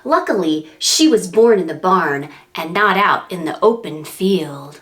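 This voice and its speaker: Reading a picture book to a group of preschoolers, this woman librarian has a lowish voice and a measured pace. She keeps it animated and sing-song, making animal noises and wind sounds along the way.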